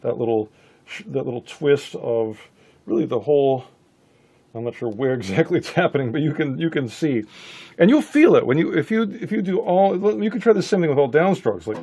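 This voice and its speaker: A man's voice: mid-range voice, animated, fairly quick, mellow, breathy edge. A man giving a casual guitar lesson, thinking aloud with frequent restarts. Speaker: guitar teacher. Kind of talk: casual instructional talk.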